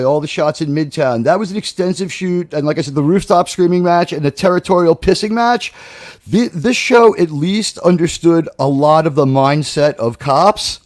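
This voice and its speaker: A man's voice: a little high, a little mellow, no room sound, clean studio sound. A man talking in a casual podcast discussion, rambling with frequent restarts while he searches for names. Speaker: podcast panelist.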